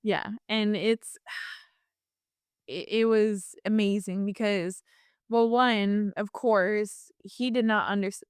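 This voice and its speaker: A woman guest telling a personal story in a casual interview, chatty and animated, with lots of fillers and restarts. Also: mid-range voice, slow, smooth, no room sound, studio quality.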